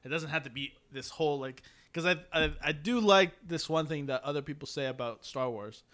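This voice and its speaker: A young man in casual podcast chat, animated and laughing often, with quick impressions of film lines. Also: fairly high pitch. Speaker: podcast co-host.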